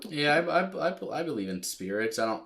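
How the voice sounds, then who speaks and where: A man's voice: a little high, very animated, fairly quick, gravelly, fairly bright tone. A man on a casual podcast who stammers and restarts a lot, often cracking jokes. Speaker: podcast co-host. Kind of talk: casual chat.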